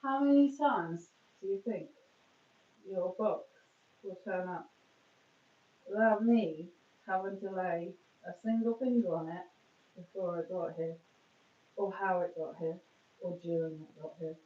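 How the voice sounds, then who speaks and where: A woman with a fairly low, mellow voice chats casually over a phone live stream, rambling and teasing herself. She's unhurried and leaves long pauses. Distance from the mic makes the sound dull and echoey.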